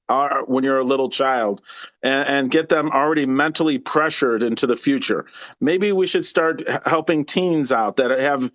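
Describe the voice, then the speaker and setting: A man's voice: mid-range voice, fairly bright tone, dry recording. A man calling into a live show, arguing in an aggravated, rambling way and often restarting his sentences. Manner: aggravated, rambling, repeats himself. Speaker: caller. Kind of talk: heated call-in debate.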